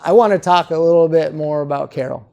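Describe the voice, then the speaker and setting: A dentist being interviewed, telling patient stories in a casual way and often checking in with "okay?". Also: male voice, on the high side, fast, creaky, warm tone, muffled recording. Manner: storytelling, keeps adding "okay?". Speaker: dentist guest. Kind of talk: conversational interview.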